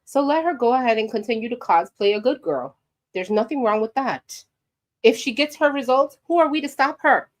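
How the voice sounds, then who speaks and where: With a slightly high voice at normal speed, a woman from New York offers sassy, animated opinions to camera, speaking directly to her viewers as a commentary vlogger.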